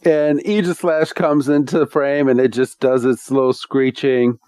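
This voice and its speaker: A man's voice: mid-range voice, little pitch movement, unhurried, darkish tone, clear, resonant tone, no echo. A man co-hosting a podcast, recapping a cartoon episode in a rambling way, with many ums, on a close mic. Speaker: podcast co-host.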